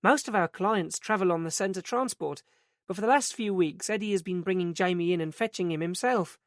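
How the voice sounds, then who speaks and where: In an audiobook character reading, a man voices a flustered middle-aged woman who runs a day centre, using a raised, fluttery voice. His pitch sits high and his pace is fairly quick and brisk, with clean studio sound, no room sound, and the voice pushed up.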